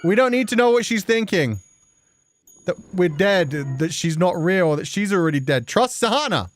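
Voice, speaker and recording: A woman's voice: fairly low pitch, animated, normal speed, lightly acted. A woman voicing a mentally unstable young male author who pleads frantically and repeats himself, with faint game music behind. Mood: panicked. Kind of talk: voicing visual novel lines.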